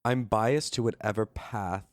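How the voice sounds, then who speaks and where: A man hosting a casual podcast chat, reading out quiz questions and needling his co-host in a deadpan, teasing way. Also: fairly low pitch, unhurried, clean tone, dry recording, studio quality.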